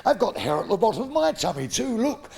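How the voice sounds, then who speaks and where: A man voicing a sly, leering vicar in a low, suggestive drawl during a stand-up joke. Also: very animated, a little fast, vocal fry, darkish tone, breathy edge, exaggerated voice.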